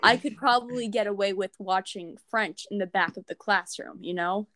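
A teenage girl in casual chat, telling animated stories with laughter. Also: medium pitch, moderate pace, no room sound. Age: teens. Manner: chatty, animated, laughing storyteller.

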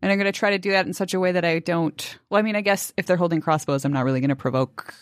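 A woman's voice: lowish voice, very fast, no room sound, clean studio sound. A woman playing in a tabletop role-playing game, thoughtful and tentative, with light laughs. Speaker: player.

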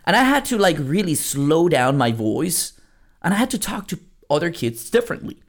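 An emphatic man delivers a motivational podcast monologue in a slightly high, gravelly voice. His pitch swings widely as he drives each point home. He talks bluntly and casually, swears now and then, and repeats lines for punch. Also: big pitch swings, moderate pace. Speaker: network marketing coach and podcast host.

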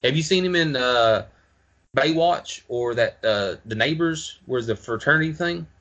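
A man talking casually as a podcast co-host, halting with many fillers and repeated words. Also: medium pitch, animated, fairly bright tone. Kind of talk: casual chat.

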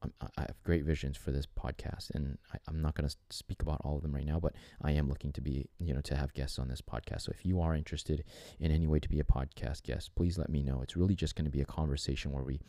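A man's voice: a bass voice, steady tone, fast, hardly any pauses, warm tone, dry recording, clean studio sound. A man hosting a solo podcast on fatherhood, talking in an earnest, rambling way with many restarts and fillers. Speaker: podcast host. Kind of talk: reflective solo podcast monologue.

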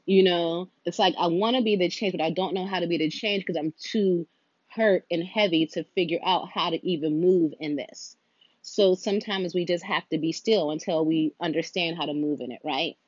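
Emotional woman venting, low voice. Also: no room sound, lo-fi sound. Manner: heavy, emotional, venting, earnest. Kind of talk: personal monologue.

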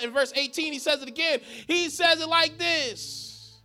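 High-voiced, impassioned male preacher. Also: moderate pace, faint music behind. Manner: impassioned, swinging from shouts to hushed lows. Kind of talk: sermon.

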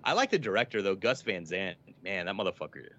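A low-pitched man rambles loosely through a casual chat, packing his sentences with fillers and swearing. The recording is dull and lo-fi. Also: sing-song, fast, fairly bright tone. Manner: rambling, filler-heavy, profane. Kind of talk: casual chat about movies. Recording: dull lo-fi sound.

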